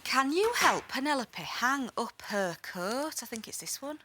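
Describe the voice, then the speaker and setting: A woman's voice: sits high, unhurried, slight background noise. A mother in a bedroom, coaxing and then firmly scolding her young daughter at bedtime. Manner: coaxing but firm, lively. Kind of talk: bedtime talk with a child.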